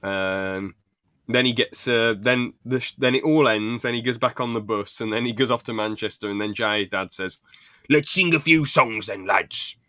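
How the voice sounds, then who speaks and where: A man's voice: on the low side, fairly even intonation, moderate pace, bright, forceful tone, clear, resonant tone, no echo, clean studio sound. A young man co-hosting a podcast, rambling through sitcom scenes and laughing as he retells them. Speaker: podcast co-host. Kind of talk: casual chat recapping a sitcom.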